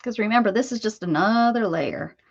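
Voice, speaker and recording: Husky woman chatting on a craft stream. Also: medium pitch, lively intonation, brisk, dull audio. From Pennsylvania, USA. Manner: chatty, laughing, coos baby talk to her dog. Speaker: craft livestream host. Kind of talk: casual live-stream chat while crafting.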